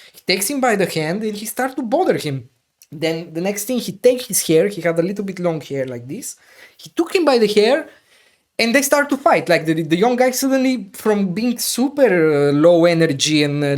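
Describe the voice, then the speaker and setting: A man hosting a podcast, retelling a personal story in animated, loosely phrased English full of fillers. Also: sits high. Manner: animated retelling with loose, non-native grammar and many fillers. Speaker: podcast host.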